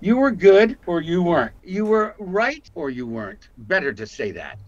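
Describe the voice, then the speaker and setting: An older man from Canada, an actor telling lively stories about his career in a casual interview. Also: sits high, moderate pace, no echo, highs cut off. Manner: animated storyteller, acts out quotes. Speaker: guest actor.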